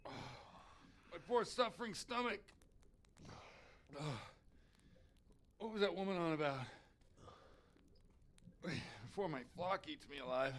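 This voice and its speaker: Godwin, a hungover swearing priest. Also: male voice, sits high, takes it slowly, long pauses, fairly bright tone. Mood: groaning. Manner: groaning, pleading, swearing. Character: hungover, foul-mouthed middle-aged village priest. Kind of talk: video game voice acting.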